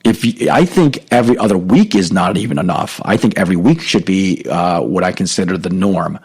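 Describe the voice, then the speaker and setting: A middle-aged man hosting a podcast, giving a casual, halting talk on faith with many fillers and restarts. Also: deep voice, darkish tone, breathy edge, poor audio. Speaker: podcast host. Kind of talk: spoken teaching on faith.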